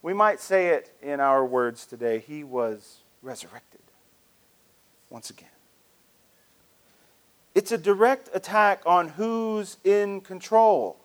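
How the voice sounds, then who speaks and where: A man's voice: high voice, slow pace, pauses often, clear, resonant tone. A male pastor preaching a sermon in a conversational, storytelling way with frequent restarts.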